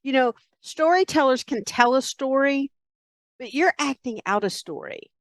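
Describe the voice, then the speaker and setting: Lively, bright-voiced woman podcast host. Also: high-pitched, normal speed, dry recording. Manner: encouraging, laughs often. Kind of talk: conversational interview.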